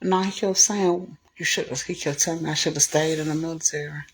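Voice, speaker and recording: A woman casually telling a personal story to camera, animated and blunt, cussing freely and jumping into the voices of the people she quotes. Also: sits low, fairly quick. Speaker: vlogger.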